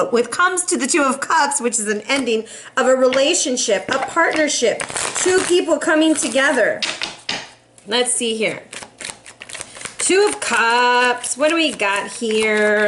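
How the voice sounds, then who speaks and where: Young woman, high voice, tarot reader, sassy and playful, laughs a lot. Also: fairly bright tone, a little hiss or hum. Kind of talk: casual tarot reading.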